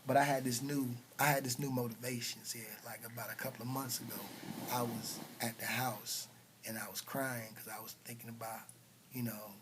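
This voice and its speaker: Man telling a story in whispers and shouts. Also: mid-range voice, little pitch movement, normal speed, crowd noise. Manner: swings from hushed whispers to loud punch sounds. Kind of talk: personal storytelling.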